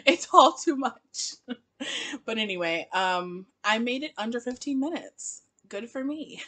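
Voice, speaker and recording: In a casual vlog, a woman with a medium-pitched voice reviews a TV episode at normal speed. She's animated and chatty, laughing often and tossing in exasperated asides.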